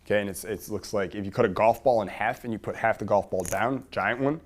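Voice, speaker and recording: Fairly quick and lowish in pitch, a man presents an energetic seminar to people in the room. He peppers them with rhetorical questions while swinging from forceful emphasis to soft asides.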